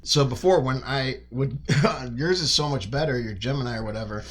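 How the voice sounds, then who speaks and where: A man's voice: mid-range voice, moderate pace. A man hosting a podcast, chatting casually in a crude, provocative, joking way. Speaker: podcast host.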